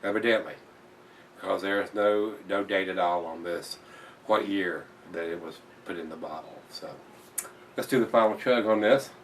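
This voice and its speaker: A man's voice: low voice, normal speed, far from the mic, a little hiss or hum. A man reviewing a beer in a casual vlog, blunt and plain-spoken, swearing when annoyed and repeating himself.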